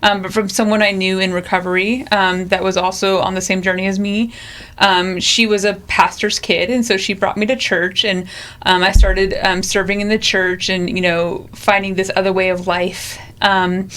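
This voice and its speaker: A woman's voice: medium pitch, flat delivery, moderate pace, a bit bright. A woman co-hosting a talk show, telling her personal recovery story earnestly with many ums. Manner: fillers, frequent ums, earnest. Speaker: co-host.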